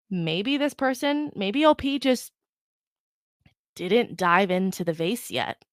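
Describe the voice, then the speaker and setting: Talking at a slow pace with long pauses, this Irish podcast host uses an animated, medium-pitched voice. She's chatty and emphatic, interrupting herself to restart thoughts as she talks and reads aloud on her solo show. The recording is dry, close to a podcast mic.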